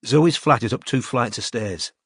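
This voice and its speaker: A man's voice: medium pitch, normal speed, fairly bright tone, slightly rough, no room sound. A man voicing a determined young woman detective who speaks firmly and coolly, in a dry audiobook recording. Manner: firm and cool.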